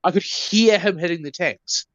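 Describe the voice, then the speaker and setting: A man's voice: high-pitched, moderate pace, no echo, dull audio. A man, co-hosting a podcast and telling profane stories in casual banter. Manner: profane storytelling. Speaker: podcast co-host. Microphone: podcast mic.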